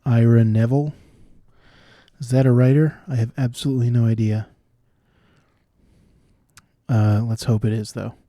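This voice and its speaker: A man solving cryptic crossword clues out loud, thinking through each one and explaining the wordplay as he goes. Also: mid-range voice, little pitch movement, normal speed, long pauses, no room sound, studio quality. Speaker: puzzle solver.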